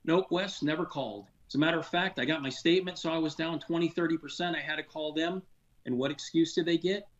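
A man's voice: on the high side, fast talker. Earnest man on muffled audio. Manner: earnest, frustrated, rambling with fillers. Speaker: financial advisor guest. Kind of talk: casual radio talk.

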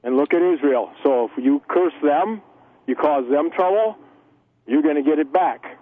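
A man calling in to a talk radio show, speaking hesitantly with many pauses and fillers. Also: a little high. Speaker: caller. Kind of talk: call-in comment. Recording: thin phone line.

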